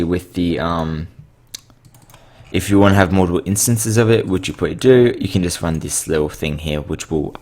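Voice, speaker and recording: A man hosting a casual coding tutorial, losing his voice and sounding tired and sick, rambling with frequent fillers and self-corrections. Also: lowish voice.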